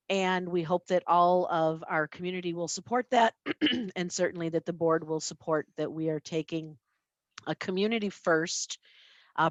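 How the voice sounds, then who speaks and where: A woman, the library's chief executive, giving her report at a board meeting and explaining her decisions in a measured way with a few fillers. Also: deep voice, dry recording, lo-fi sound. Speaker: library CEO.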